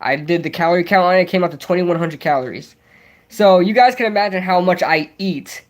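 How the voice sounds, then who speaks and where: A young man hosting a casual livestream, rambling excitably and answering viewers' chat as he goes. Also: sits high, fairly quick. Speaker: livestream host.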